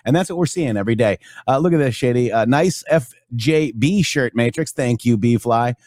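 A man co-hosts a live-streamed talk show in a relaxed, rambling way, reading out viewer comments as he goes. His voice sits at an ordinary pitch. The sound is dry and close to the mic. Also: normal speed, no echo. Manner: loose, rambling, reads viewer comments aloud.

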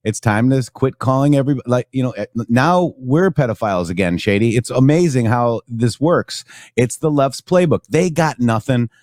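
A man's voice: mid-range voice, animated, normal speed, a little mellow, no echo, studio quality. A man hosting a political talk show, talking casually and rambling with many fillers. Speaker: show host.

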